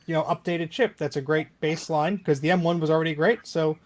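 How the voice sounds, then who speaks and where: Slightly high, chatty male podcast host. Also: steady tone, quick pace. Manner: chatty, loose, joking, lots of fillers. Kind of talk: casual tech podcast chat.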